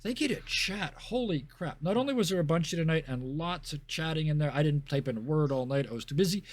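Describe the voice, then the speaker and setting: A man's voice: on the high side, lively intonation, fast talker, dry recording. A man hosting a stream as game master, narrating a scene and then thanking players and chat in a chatty, self-deprecating way.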